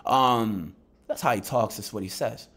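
A man's voice: on the low side, unhurried, fairly bright tone. A man fresh out of bed giving a heated, blunt vlog commentary on boxing, swearing freely as he rants. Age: adult. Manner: heated, blunt rant with profanity. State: just woken up, lower energy.

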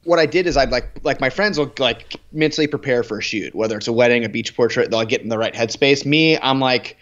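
A man co-hosts a casual podcast chat, talking fast and slipping in quick jokes. His voice comes through dull lo-fi audio. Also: mid-range voice, fairly bright tone. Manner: quick joking banter. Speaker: podcast co-host.

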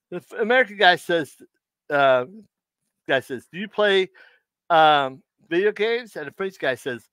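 A man's voice: sits high, lively intonation, unhurried, a bit bright, no echo. A man hosting a live stream, telling corny jokes and riddles, often stumbling and restarting and laughing at his own punchlines. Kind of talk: casual joke telling.

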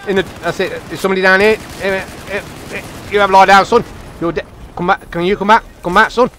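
A young man giving excitable, chatty commentary over his own game, talking to himself and his teammates. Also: high-pitched, quick pace, a little hiss or hum. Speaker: gaming channel host. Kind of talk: live gameplay commentary.

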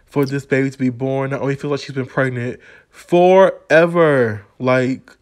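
A man's voice: mid-range voice, fairly even intonation, measured pace, background noise. A man casually narrating life-simulation gameplay in a chatty, storytelling manner. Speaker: gaming channel host.

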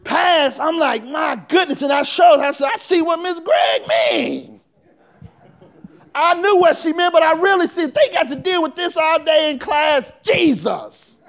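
High-voiced preacher, shouting call-and-response. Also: male voice, moderate pace, few pauses. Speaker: pastor. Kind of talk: sermon.

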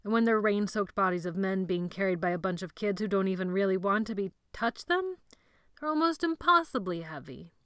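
A woman narrating an audiobook chapter in steady, measured storytelling. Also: medium pitch, clear, resonant tone, dry recording, studio quality.

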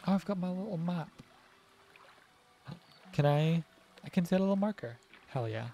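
A man's voice: high voice, lively intonation, moderate pace, warm tone, a little hiss or hum. A man streaming a video game, chatting playfully and joking with the fish he finds as he plays. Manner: playful, jokey, talks to the fish. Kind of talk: casual gameplay commentary. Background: faint game music.

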